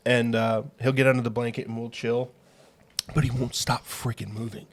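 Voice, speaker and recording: A man's voice: mid-range voice, normal speed. A young man co-hosting a casual podcast, telling stories with lots of laughter. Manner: laughing, animated storytelling. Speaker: podcast co-host. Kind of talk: casual banter.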